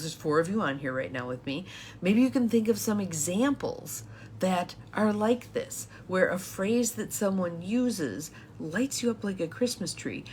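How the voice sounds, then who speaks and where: A woman's voice: on the low side, a little mellow, a little hiss or hum. A woman coach giving a chatty live-streamed talk to viewers, laughing often as she explains. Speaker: empowerment coach.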